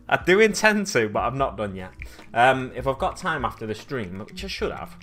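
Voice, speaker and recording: A man's voice: mid-range voice, big pitch swings, normal speed, a bit bright, faint music behind. A young Englishman from Oxfordshire, chatting casually on a live stream while painting miniatures, rambling and laughing as he answers viewers. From Oxfordshire, England. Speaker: hobby streamer.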